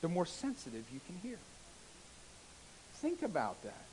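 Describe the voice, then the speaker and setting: A man preaching a sermon as a pastor, swinging between loud exclamations and hushed soft passages, with calls of amen and hallelujah. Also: high-pitched, huge pitch swings, a little slow, pauses often, slight background noise, rough recording. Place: church sanctuary.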